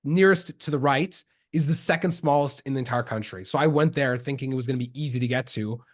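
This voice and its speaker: A man's voice: mid-range voice, fast talker. A young man from Canada in casual chat, telling stories with slang and acting out the people he quotes. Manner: slangy storytelling, acts out quoted voices. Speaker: podcast guest.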